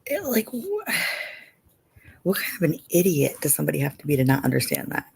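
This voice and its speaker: Gravelly, husky woman chatting casually. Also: low-pitched, wildly swooping pitch, a little fast, a little mellow. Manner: chatty, lots of "you know". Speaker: live stream host. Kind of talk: casual chat with viewers.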